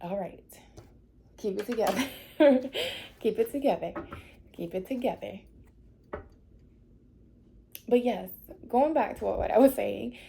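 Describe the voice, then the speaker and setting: During a reading, this tarot reader's voice comes out mid-range, gravelly and mellow as she talks to her viewers. She's near tears and clearly emotional, yet she laughs through it and tells them all will be fine.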